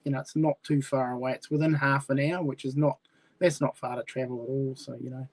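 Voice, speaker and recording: A man's voice: mid-range voice, level tone, fairly quick. A man answering interview questions about his speedway club in an easygoing way, full of "yeah" and "you know". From New Zealand.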